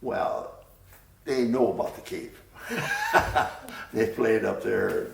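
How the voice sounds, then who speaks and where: Older man, oral history interviewee, low gravelly voice, rambling and chuckling; distant mic in a roomy space. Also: animated, unhurried, darkish tone.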